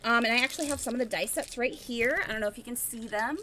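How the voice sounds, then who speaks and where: Bright-voiced chatty woman host. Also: a little high, fast talker, slight background noise. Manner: chatty, rambling with fillers. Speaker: stream host. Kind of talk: casual stream announcements.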